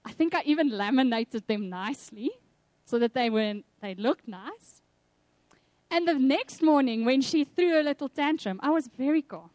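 A South African woman preaching a sermon, telling personal stories in a lively way and acting out the voices she quotes. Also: high voice, normal speed, no room sound.

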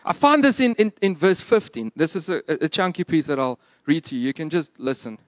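An earnest male pastor preaching with strong emphasis and a lively, swooping delivery. His voice is fairly high, and the recording is close and dry. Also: fairly quick, dry recording. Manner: earnest, emphatic, plain-spoken. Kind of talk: sermon.

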